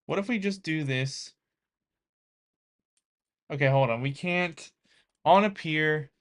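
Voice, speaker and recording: A man's voice: on the high side, slow pace, pauses often. A young American man thinking aloud as he writes code, chatting casually with viewers. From United States. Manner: muttering, thinking aloud while coding. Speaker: coding vlogger. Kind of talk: casual live coding chat.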